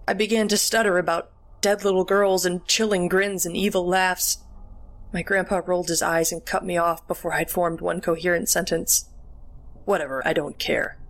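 Woman narrating a horror story. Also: on the low side.

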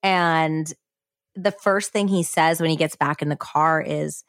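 A woman's voice: sits low, fairly even intonation, measured pace, no room sound, studio quality. A woman hosting a podcast, telling a true-crime story in a casual, chatty way, full of "like" and blunt swearing. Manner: chatty, frequent "like", blunt and profane. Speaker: podcast host.

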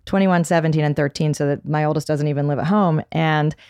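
A woman's voice: deep voice, fairly even intonation, quick pace, a little mellow, smooth, no room sound, clean studio sound. A woman in her forties, a therapist, gives thoughtful advice as a guest in a casual podcast chat.

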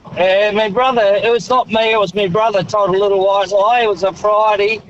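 An Australian man calling in to radio with a high voice. He is chatty and chuckles as he tells his story. The line is muffled, with faint traffic behind him. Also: fairly even intonation, brisk. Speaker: radio caller. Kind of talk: telling a story on the phone.

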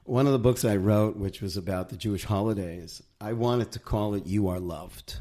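A man who is a rabbi and author speaks as a guest in an interview, reflecting gently like a teacher. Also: fairly low pitch, moderate pace. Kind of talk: conversational interview.

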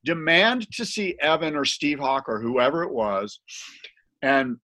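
Animated, laughing male storyteller. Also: fairly high pitch, a little slow. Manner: animated, laughing storyteller who acts out voices. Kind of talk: casual storytelling chat.

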